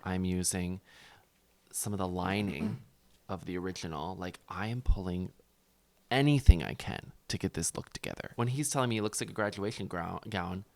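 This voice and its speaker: Low gravelly man, animated storyteller. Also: normal speed. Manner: animated storytelling with loud yelps and laughs. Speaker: podcast co-host and former contestant. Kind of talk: casual recap chat.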